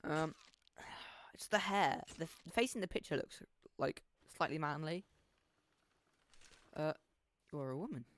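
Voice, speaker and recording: A gamer giving casual gameplay commentary, muttering to themself and talking back to the characters on screen, playful and quick to laugh. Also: medium pitch, fairly bright tone. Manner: mutters to self, talks to game characters; playful, laughs and hums along. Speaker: let's play gamer.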